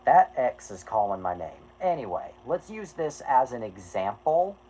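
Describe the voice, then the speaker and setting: Male streamer in casual chat, middle pitch, rambling, self-correcting, sweary, a little apologetic. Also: big pitch swings, measured pace, mellow, slight background noise, poor audio.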